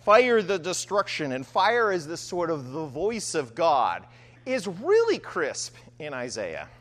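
Animated preacher with lively swinging pitch. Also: male voice, takes it slowly. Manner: animated, frequent "right?" asides. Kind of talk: sermon with scripture reading.

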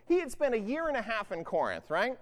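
A man's voice: extremely high pitch, wildly swooping pitch, fairly quick, fairly bright tone. A man preaching a sermon in a casual, conversational way, often checking in with "right?". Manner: conversational, keeps asking "right?". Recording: long hall reverb.

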